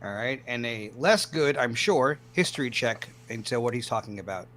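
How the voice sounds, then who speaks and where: A man's voice: medium pitch, lively intonation, moderate pace, a bit bright. A man playing a tabletop game, hesitant and wry. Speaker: player. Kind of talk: casual tabletop-game chat.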